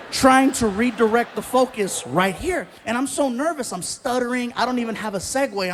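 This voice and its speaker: A man doing stand-up comedy, telling a story in an animated, self-mocking way. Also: very high-pitched, normal speed. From Mexican-American. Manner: animated, self-mocking, many voices and laughs.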